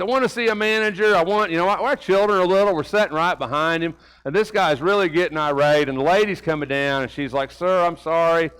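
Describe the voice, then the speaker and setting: Folksy high-voiced male preacher. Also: a bit bright, smooth, low-quality recording. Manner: folksy, rhetorical questions, repeats words while talking. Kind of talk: conversational sermon with personal story. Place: church sanctuary.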